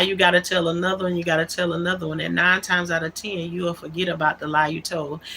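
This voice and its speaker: Speaking with a fairly low, sharp voice over a little hiss or hum, a livestream host works through her thoughts unscripted. She sounds aggrieved and emphatic and keeps repeating her key words.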